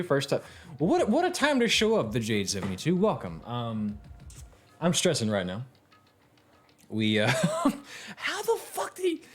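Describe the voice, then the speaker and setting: Animated, swearing gaming streamer, man. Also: mid-range voice. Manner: animated, swearing, laughing, reacting to chat. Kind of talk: casual gaming stream commentary.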